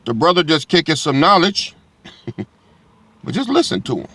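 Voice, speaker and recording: A man's voice: on the high side, sing-song, moderate pace, bright, forceful tone, dry recording. This is a man giving an informal sermon to his online audience. He rambles and repeats himself, addresses viewers head-on, and swears without a second thought. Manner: rambling, direct address, frequent profanity. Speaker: online religious commentator. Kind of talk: casual preaching to viewers.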